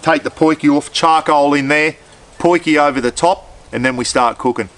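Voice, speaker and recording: A man's voice: a little high, moderate pace, a bit bright. An Australian man chatting casually while cooking outdoors in his backyard, laid-back and with mild swearing. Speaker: cooking vlogger.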